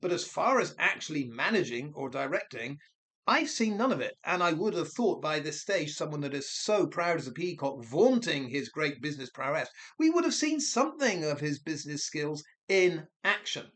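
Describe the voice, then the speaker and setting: A man's voice: a little high, expressive, normal speed, fairly bright tone. A man giving a scornful, sarcastic commentary monologue, asking rhetorical questions and often correcting himself mid-sentence. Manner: rambling with frequent self-corrections. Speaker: commentary channel host.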